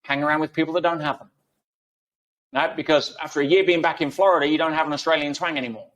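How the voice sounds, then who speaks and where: In a conversational interview, a male guest makes his points emphatically with everyday analogies. His pitch is fairly high and his tone steady and a bit bright, and he moves at a quick pace.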